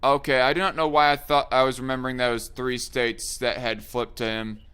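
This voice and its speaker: Rambling male podcast host, bright voice. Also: medium pitch, little pitch movement, fairly quick, smooth. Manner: rambling, thinks aloud with many fillers. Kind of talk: casual political chat.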